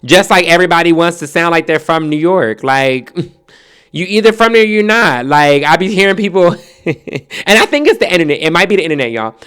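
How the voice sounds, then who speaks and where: A man from New Jersey with a Jersey accent, hosting a podcast as a casual storytelling monologue, animated and profane, laughing often and slipping into mimicked accents. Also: on the high side, moderate pace, smooth. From Trenton, New Jersey. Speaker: podcast host.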